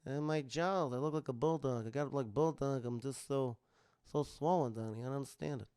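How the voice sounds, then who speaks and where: Man doing an old mob boss, slurred, mumbled, gravelly. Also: medium pitch, brisk, darkish tone, lightly acted. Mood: mumbling, aggrieved. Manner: slurred mumbling that trails off, poor enunciation.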